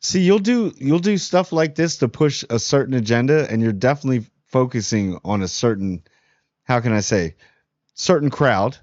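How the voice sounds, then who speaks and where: A man from New Jersey gives a casual, blunt TV spoiler review. His pitch is mid-range, with lively jumps when he gets worked up and many restarts. The recording is dry and a little dull, with no room sound. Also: normal speed, no echo. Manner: blunt, animated, frequent restarts. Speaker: TV review host.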